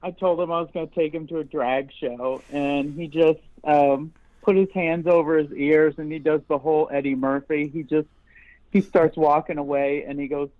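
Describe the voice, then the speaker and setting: A woman's voice: low-pitched, steady tone, normal speed, dry recording. A woman from upstate New York, a guest in a casual interview chat, talking bluntly and swearing freely as she tells stories. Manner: blunt and profane, laughs while telling stories. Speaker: interview guest, radio host. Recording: dull, dry lo-fi podcast audio.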